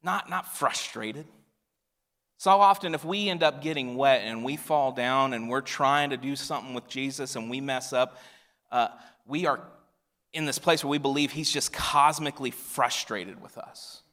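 Male pastor, sermon, emphatic then hushed, echo of a big hall. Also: medium pitch, moderate pace. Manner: emphatic, shifts from loud declarations to quiet near-whispers. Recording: long reverb of a large hall.

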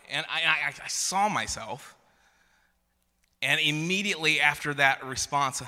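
Slow, bright-voiced pastor in a hall. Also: male voice, on the high side. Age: 30s. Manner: humorous personal storytelling with frequent restarts. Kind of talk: sermon. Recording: long reverb of a large hall.

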